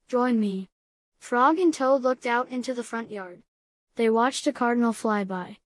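A woman narrating a storybook aloud in a calm, deadpan way. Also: fairly high pitch, moderate pace.

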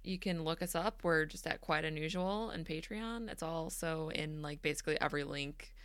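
A woman's voice: sits low, moderate pace, clear, resonant tone, dry recording. A woman co-hosting a podcast in casual chat, easygoing and agreeable, laughing often. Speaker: podcast co-host.

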